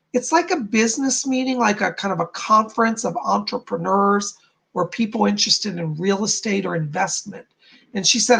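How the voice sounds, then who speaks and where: A man's voice: high voice, creaky, fairly bright tone, breathy edge. A man hosting a live stream as a psychic medium, chatting to viewers, reading their comments aloud and passing on spirit messages.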